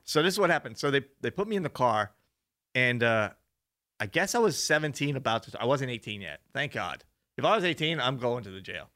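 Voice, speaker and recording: Man, podcast co-host, casual storytelling, bright forceful tone, laughs a lot, curses. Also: mid-range voice, fairly quick. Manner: animated, laughing, swears freely.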